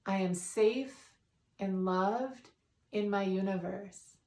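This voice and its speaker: A woman guiding a meditation in a calm, soothing way, leading breaths and repeating affirmations. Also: mid-range voice, slow pace. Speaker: meditation guide. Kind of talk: guided meditation. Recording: roomy, distant from the mic.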